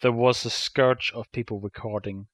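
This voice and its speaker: Male co-host, bright tone, wry mock-serious storyteller, dry studio sound. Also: mid-range voice, steady tone, normal speed, no echo. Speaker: podcast co-host. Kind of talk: casual chat.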